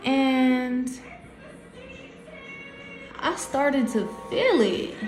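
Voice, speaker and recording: A woman's voice: sits high, animated, very slow, over music. A young woman telling a personal story to camera at home, candid and emotional, with informal slangy quoted speech. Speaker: vlogger.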